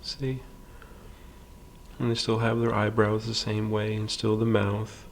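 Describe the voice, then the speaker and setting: A man with a deep, gravelly voice leads a slow, patient drawing lesson. He speaks low and flat, with many pauses and fillers, and sometimes drops to a soft half-whisper as he draws. A faint hiss of background noise sits under his voice. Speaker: library drawing instructor.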